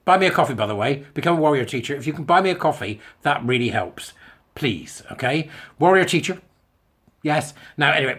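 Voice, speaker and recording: A man's voice: mid-range voice, a bit bright, breathy edge. A man giving a chatty, self-mocking video monologue to camera. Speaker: online commentator. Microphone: camera mic.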